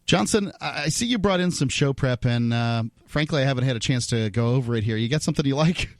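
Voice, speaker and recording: A man's voice: mid-range voice, expressive, quick pace, no room sound. A man hosting a talk radio show, blunt and opinionated in casual talk. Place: radio studio. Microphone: studio microphone.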